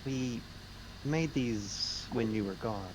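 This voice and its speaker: A man's voice: mid-range voice, slow pace, a little hiss or hum, close to an everyday voice, low-quality recording. A man voicing a reserved young woman vice captain who speaks formally and politely.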